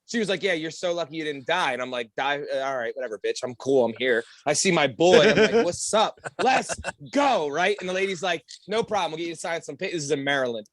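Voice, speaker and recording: A young man hosting a podcast, telling crude stories in an animated way with loud outbursts. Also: on the high side, quick pace, hardly any pauses, no echo. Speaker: podcast host. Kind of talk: casual chat.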